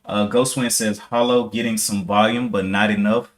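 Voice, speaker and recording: A man's voice: lowish voice, level tone, normal speed. A man streaming live day trading, casually thinking aloud, reading out viewer comments and correcting himself as he checks charts.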